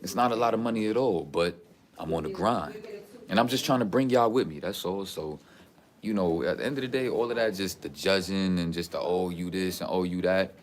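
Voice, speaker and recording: Deep-voiced streetwise Bronx man vlogging. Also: moderate pace. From the Bronx, New York. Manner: streetwise, preachy storytelling with lots of "you know what I'm saying". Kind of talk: casual talking-head vlog.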